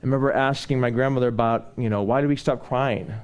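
A man preaching a sermon, telling personal stories in a rambling, conversational way and building into animated preaching. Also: medium pitch, fast talker, clean tone, muffled recording.

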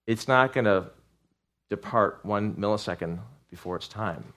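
A man's voice: fairly low pitch, very animated, normal speed, a bit bright. A man preaching a sermon to a congregation, talking in an earnest, conversational way with restarts and asides, then rising into fervent outbursts as he reads scripture aloud. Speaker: pastor.

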